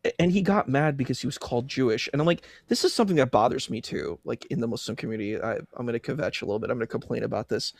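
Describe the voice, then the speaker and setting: A man as a guest on a livestream talk show, chatting casually in an animated, exasperated way. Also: medium pitch, racing, creaky, no room sound.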